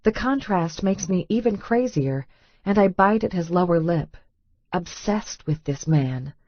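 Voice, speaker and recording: A woman with a lowish voice reads a romance audiobook in first person, intimate and a little breathless. The sound is close and dry, slightly dull in the highs. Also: expressive, a little slow, no room sound. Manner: intimate, breathless inner monologue. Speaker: audiobook narrator.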